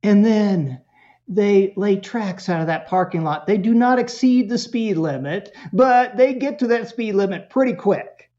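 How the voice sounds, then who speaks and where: A man chatting casually as a guest expert, animated and joking as he tells stories and acts out bits of dialogue. The audio is muffled and lo-fi, like a podcast recording. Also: high-pitched, measured pace. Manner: animated storyteller, acts out voices, jokey. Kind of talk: casual interview chat.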